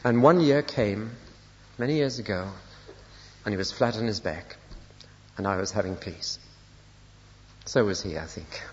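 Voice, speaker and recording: Older pastor telling a story, low voice. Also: male voice, unhurried, long pauses, a little mellow. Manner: anecdotal storytelling with self-deprecating humor. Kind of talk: sermon. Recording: lo-fi recording in a reverberant church hall.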